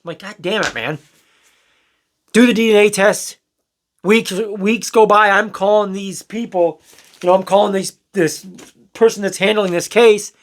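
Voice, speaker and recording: A man's voice: high-pitched, fairly even intonation, moderate pace. A young man telling a personal story in a candid, rambling way, swearing now and then and acting out what people said. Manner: candid, rambling, swears, acts out quoted lines. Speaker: storyteller vlogger. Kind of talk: casual storytelling to camera.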